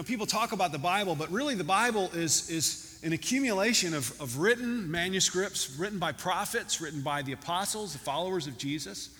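A man preaching in a church with a bright, forceful voice that sits a little high. He talks in a loose, conversational way, repeating words and leaning on fillers. The sound carries a long reverb with faint room ambience. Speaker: pastor. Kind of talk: sermon with a told joke. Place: church hall.

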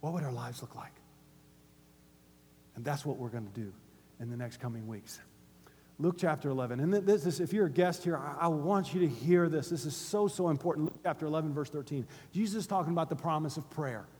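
A middle-aged male pastor preaching a sermon in a church, moving between hushed conversational asides and loud urgent exhortation. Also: on the high side, fairly quick, husky. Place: church sanctuary. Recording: long hall reverb.

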